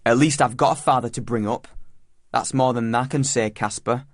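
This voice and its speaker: A man's voice: medium pitch, fairly even intonation, moderate pace, dry recording, close to an everyday voice. Man playing a goading Yorkshire teen bully, sneering, dry close sound. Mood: taunting. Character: taunting bullying teenage schoolboy.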